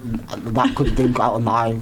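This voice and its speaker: A man's voice: mid-range voice, level tone, normal speed, a little hiss or hum. A man co-hosting a radio show, stammering and playful in casual studio chat.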